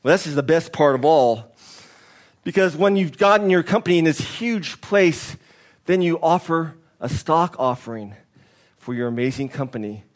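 A preacher puts on a pushy businessman pitching big plans. He lectures with eager salesmanship and sits a little higher in his voice, an ordinary reading voice with no heavy disguise. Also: animated, normal speed, lightly acted. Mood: boastful. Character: pushy male business school graduate.

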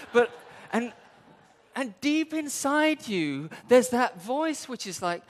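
Male preacher, lively swooping delivery, playful with inner-voice asides, long hall reverb. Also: very high voice, unhurried. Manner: animated, acts out people's inner voices with humor; speaks directly to the congregation. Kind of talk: sermon. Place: church sanctuary.

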